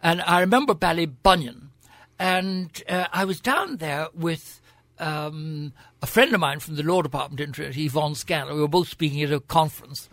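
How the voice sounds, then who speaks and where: Older Irish gent with a grand upper-class accent, gravelly and bright, wry raconteur, dry studio sound. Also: male voice, a little high, normal speed, dry recording. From Ireland. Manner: theatrical, wry storyteller. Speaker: guest, senator. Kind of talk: frank anecdotal interview. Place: radio studio.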